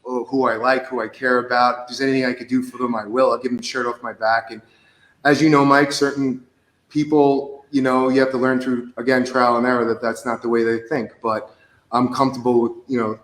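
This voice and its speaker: A man's voice: medium pitch, level tone, fairly quick, fairly bright tone. A man in casual chat, candid, plain-spoken and reflective. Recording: echoey room.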